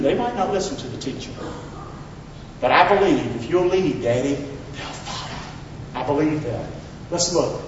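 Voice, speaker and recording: A man preaching a Father's Day sermon in a church, leading call-and-response and swinging between loud exhortation and hushed asides. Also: fairly high pitch, slight background noise. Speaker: pastor. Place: church sanctuary. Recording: very echoey hall, distant mic, slightly dull.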